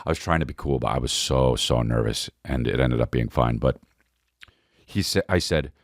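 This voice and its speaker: A man hosting a podcast, telling a rambling, excitable comedic story with frequent swearing and asides. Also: very deep voice, normal speed, no room sound, studio quality. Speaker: podcast host. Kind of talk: casual comedic monologue.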